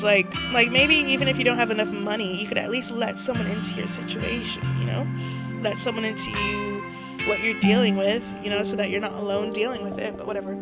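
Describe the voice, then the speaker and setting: A woman hosting a gaming channel, giving excitable, jokey let's-play commentary and reading the game text aloud. Loud game music plays under her voice. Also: on the high side.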